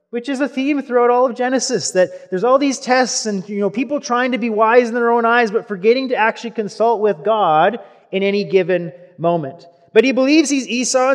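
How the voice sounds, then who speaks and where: High-voiced man preaching in a reverberant hall. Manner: reads scripture aloud, then explains it in relaxed asides. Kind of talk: sermon with scripture reading.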